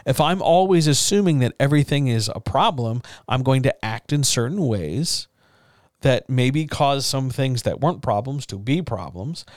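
A man coaching writers in a loose, candid chat, with middle-range pitch and a calm, reassuring way of talking. He swears casually and keeps things frank. The recording sounds close and dry, with no room around it. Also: normal speed, dry recording. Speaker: writing coach. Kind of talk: casual writing advice talk.

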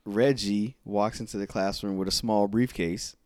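A man's voice: fairly low pitch, fairly even intonation, moderate pace, a little mellow, no room sound, clean studio sound. A man co-hosting a podcast, recapping wrestling shows in casual chat and acting out quoted lines. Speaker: podcast co-host.

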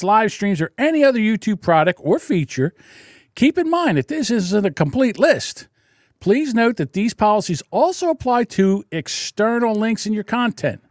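A man's voice: high voice, dry recording, clean studio sound. A man hosting his own podcast, ranting in a sarcastic, indignant way and laughing often. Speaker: podcast host. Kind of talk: solo podcast livestream rant.

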